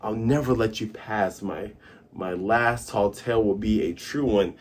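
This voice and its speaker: A man putting on a low, strained voice for a battered, stubborn young male fighter in a comic. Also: measured pace. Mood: defiant.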